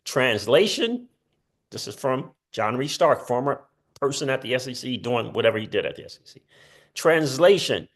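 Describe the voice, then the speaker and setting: A man's voice: on the high side, animated, moderate pace, a little mellow. Chatty man reading crypto news. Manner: chatty, reads quotes aloud with asides. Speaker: crypto channel host. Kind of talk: casual commentary reading news posts.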